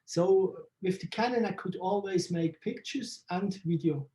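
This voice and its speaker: A man, answering interview questions in halting English and searching for words. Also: high-pitched, warm tone. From Switzerland. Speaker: photographer interviewee.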